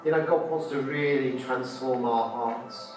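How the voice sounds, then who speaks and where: In an echoey conference hall, a man with an unhurried, mid-range voice preaches fervently, repeating lines and asking the audience rhetorical questions. Faint music plays and the microphone picks him up from a distance.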